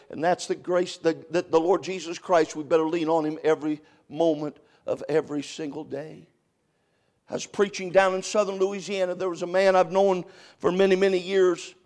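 An older man preaching a sermon, swinging between loud emphatic cries and hushed, quiet storytelling. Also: sits high, steady tone, moderate pace.

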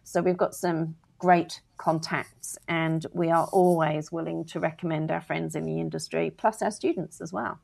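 Woman, gravelly, lower voice, frank, emphatic, casual interview. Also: fairly even intonation, normal speed, few pauses, darkish tone. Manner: frank, emphatic, laughs often. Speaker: wedding planning educator.

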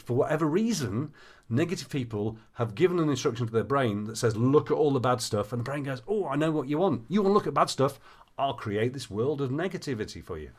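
A man who works as a coach, telling stories and giving advice in conversation, acting out the dialogue he quotes. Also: medium pitch. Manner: animated storyteller, acts out quoted dialogue.

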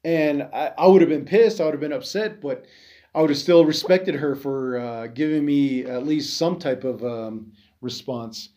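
Guy ranting on his podcast, cursing a lot, kinda high voice but dark and mellow, lots of um and you know. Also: moderate pace. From Navajo Nation. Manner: profane, bitter ranting; rambling with many fillers. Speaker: podcast host and veteran. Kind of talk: angry monologue.

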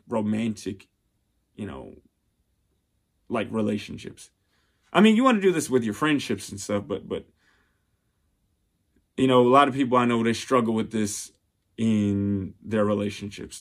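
Earnest male speaker, heartfelt advice-style monologue. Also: medium pitch. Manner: earnest and heartfelt, many restarts and fillers. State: getting emotional. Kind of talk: personal motivational monologue.

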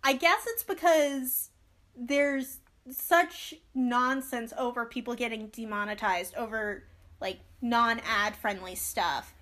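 Young female podcast co-host, high-pitched, animated, ranty casual chat. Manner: animated, ranting, quick asides.

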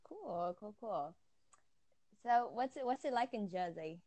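A woman's voice: medium pitch, expressive, unhurried, mellow, dry recording. A woman from Houston chatting casually as a fellow radio host, with lots of "like" and "um" fillers. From Houston, Texas. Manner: chatty, many "like" and "um" fillers, laughs often. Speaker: internet radio station host, guest. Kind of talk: casual chat.

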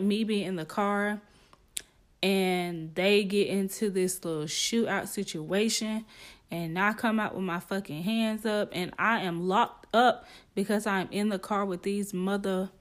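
A young woman spins a story time on her podcast, chatty and animated, her voice sitting at an ordinary middle pitch. She swears freely and keeps calling her listeners honey as she talks. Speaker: podcast host. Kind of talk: casual storytelling.

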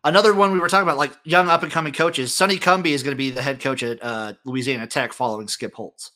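A man's voice: mid-range voice, fairly even intonation, fast, bright, forceful tone. A man co-hosting a casual sports podcast, laid-back but blunt, swearing casually as he gives his takes. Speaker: podcast co-host.

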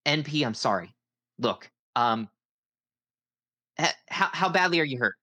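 A woman's voice: very deep voice, lively intonation, a little slow, bright, forceful tone, heavily acted. A woman voicing a harried 25-year-old matriarch who scolds and fusses. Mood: apologetic. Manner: exasperated, scolding.

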